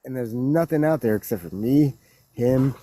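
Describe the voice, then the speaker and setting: A man telling a witness story in a loose, rambling way, laughing and growing excited as he recounts it. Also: mid-range voice, moderate pace, no echo. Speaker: witness guest. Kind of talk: casual storytelling.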